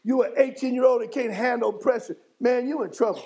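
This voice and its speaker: A man preaching a sermon as bishop in a church, working the congregation and rising to shouts. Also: very high voice, fairly quick, rough recording. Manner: fiery call-and-response preaching, rising to shouts. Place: church sanctuary.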